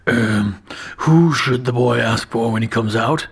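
A man's voice: medium pitch, a little slow, vocal fry, slightly rough, exaggerated voice. Man doing a stammering nervous innkeeper. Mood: flustered. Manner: hesitant, stammering. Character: nervous male innkeeper, unsteady voice.

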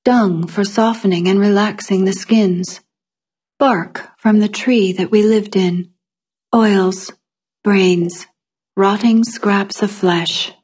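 A woman with a husky, slightly rough voice reads a first-person fantasy story aloud. Her delivery is calm and measured, in the manner of scripted fiction narration. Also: medium pitch.

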